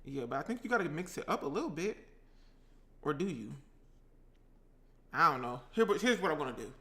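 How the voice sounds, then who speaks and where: A playful man with a high, bright voice and chats loosely while he cooks. He talks to his viewers in a chatty, joking way. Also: big pitch swings, fairly quick. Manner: chatty, playful, breaks into singing and rapping. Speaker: cooking vlogger. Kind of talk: casual chat while cooking.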